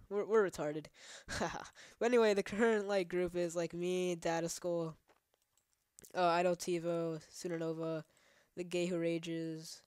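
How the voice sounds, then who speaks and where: Brief: low-voiced woman, casual let's play host, rambling and profane. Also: clear, resonant tone, no echo, studio quality. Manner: rambling, profane, many fillers; trash-talks the game. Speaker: gaming channel host.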